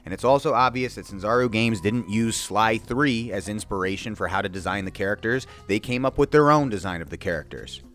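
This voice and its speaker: A man giving a casual, profane commentary rant, animated and mocking. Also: on the low side, fairly quick, few pauses, faint music behind. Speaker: video commentator.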